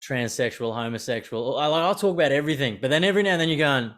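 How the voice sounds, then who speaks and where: A man's voice: medium pitch, racing. A young Australian man hosting a podcast, chatting casually and swearing freely, acting out the voices of people he describes. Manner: sweary, animated, acts out quoted voices. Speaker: podcast host. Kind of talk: casual unscripted chat.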